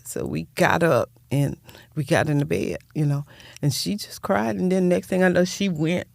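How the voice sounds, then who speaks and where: Older woman, gravelly voice, heartfelt and rambling, close dry mic. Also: deep voice, moderate pace, darkish tone, no echo. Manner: rambling, heartfelt, repeats words. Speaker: guest, nonprofit founder. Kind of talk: personal storytelling in interview.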